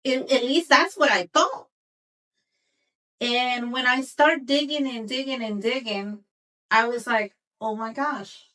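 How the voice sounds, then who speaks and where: Podcast host, middle-aged woman, earnest and emotional, slow and fairly high, voice a bit far from the mic. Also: sharp tone. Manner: earnest, emotional, repeats herself for emphasis. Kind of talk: personal storytelling.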